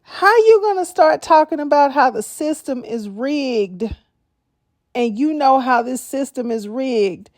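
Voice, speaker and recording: Brief: woman reaction host, slow and expressive, fairly high voice, close and dry. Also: no echo. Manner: expressive, exclaiming, laughing often. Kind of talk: casual reaction commentary.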